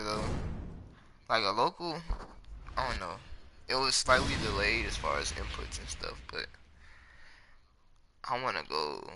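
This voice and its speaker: A young man with a hoarse, sick-sounding voice, chatting casually and reacting excitedly while playing a fighting game. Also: on the low side, noisy background. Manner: excitable, reacting loudly to the match. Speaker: gaming video creator. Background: loud game music and effects.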